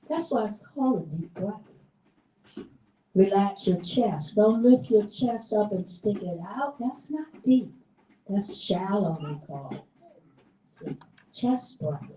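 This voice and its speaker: A woman leads a live breathing meditation, unhurried and very mellow in tone. She stretches her phrases out gently and softly. Her voice carries from a distance through a roomy hall, with a faint murmur of ambience behind. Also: mid-range voice, slight background noise. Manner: slow, soothing instructions with drawn-out phrases. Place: theater hall.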